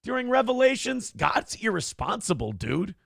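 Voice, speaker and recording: A man's voice: high voice, sing-song, normal speed, creaky, a bit bright, slightly rough, no room sound, clean studio sound. A man co-hosting a morning talk show, joking irreverently and spinning comic stories. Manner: joking, drifts into storytelling voices and sung lyrics. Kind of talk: irreverent comedic podcast banter.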